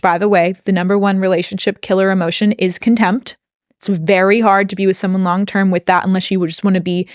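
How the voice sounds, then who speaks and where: A woman's voice: medium pitch, no room sound. Earnest woman podcaster, dry close sound. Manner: earnest, emotionally open, animated retelling. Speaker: podcast co-host. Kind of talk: personal storytelling on a podcast.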